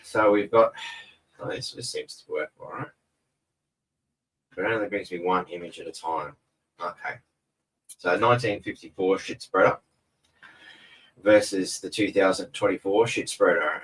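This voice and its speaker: A man's voice: low voice, distant mic, a little hiss or hum, poor audio. An Australian man hosting a casual live stream from home, rambling and laid-back and swearing freely. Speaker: host. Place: home room in front of a TV. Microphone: camera mic set back from him.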